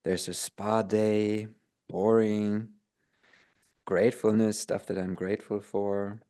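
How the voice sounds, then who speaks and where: A man with a very low voice co-hosting a casual podcast chat. He talks in a relaxed, somewhat hesitant way, pausing and restarting his sentences. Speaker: podcast co-host.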